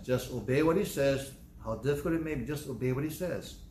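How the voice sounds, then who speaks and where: A man's voice: mid-range voice, brisk, mellow, slight background noise. A male pastor preaching a sermon, repeating phrases for emphasis and acting out quoted voices. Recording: echoey room, faint ambience.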